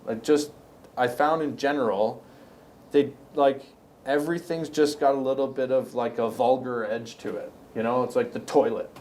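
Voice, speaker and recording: A man's voice: medium pitch, steady tone, normal speed, darkish tone, a little hiss or hum. A middle-aged man from Canada, a podcast guest, telling work stories in a rambling, casual way with many restarts. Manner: rambling, anecdotal, frequent restarts. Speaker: podcast guest, construction company owner. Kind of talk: casual storytelling.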